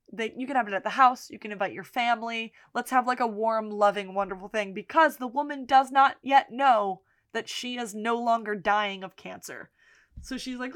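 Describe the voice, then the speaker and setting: A woman's voice: mid-range voice, a bit bright, clean tone. A woman co-hosting a podcast, casually retelling a TV episode's plot and quoting its characters, with frequent laughs. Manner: narrates plot, quotes characters, laughs often. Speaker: podcast co-host. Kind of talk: casual recap chat.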